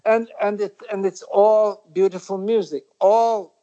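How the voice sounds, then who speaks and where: A middle-aged man from Britain speaks as an interview guest. He thinks aloud in a reflective, rambling way and often stops to restart his sentences. His talk is casual and unhurried. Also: high-pitched, fairly even intonation, dark tone, dull audio. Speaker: guest musician.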